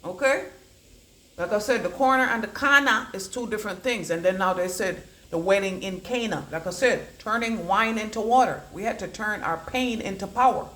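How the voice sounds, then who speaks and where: A woman giving a channelled oracle card reading. She rambles and repeats words in chanting bursts, swinging between low murmurs and loud declarations. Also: moderate pace. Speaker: psychic oracle card reader. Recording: echoey room.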